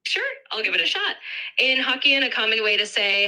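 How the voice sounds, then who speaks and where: Quick, bright AI woman's voice. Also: high-pitched, big pitch swings, rough recording. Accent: American. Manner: upbeat, reassuring, polished. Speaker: AI voice assistant. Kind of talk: synthetic assistant chat.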